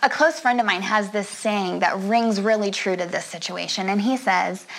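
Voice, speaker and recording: A woman giving a conversational sermon, chatty and expressive, often laughing and checking in with her listeners. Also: medium pitch, normal speed, gravelly, rough recording. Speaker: preacher.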